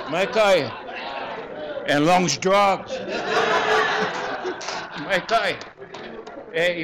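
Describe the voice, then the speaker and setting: A man in his seventies with a Hawaiian Pidgin English accent, giving a lively, joking talk to a gathering and repeating words in quick bursts. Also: high voice, noisy background. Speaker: presenter at a community gathering.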